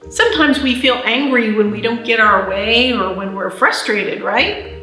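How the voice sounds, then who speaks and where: A woman leading a library storytime for babies, reading a picture book slowly and in a sing-song way and talking straight to the little ones. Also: fairly high pitch, pushed and bright, roomy sound, soft background music. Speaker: children's librarian. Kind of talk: baby storytime reading and singing. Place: library room.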